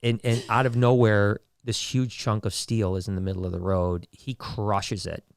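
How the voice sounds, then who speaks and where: A man's voice: lowish voice, moderate pace, creaky, smooth, no echo, clean studio sound. A man hosting a podcast, telling a story in a casual way, stumbling over repeated words and acting out the voices of people in it. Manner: animated storyteller with frequent restarts, acting out quoted voices. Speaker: podcast host.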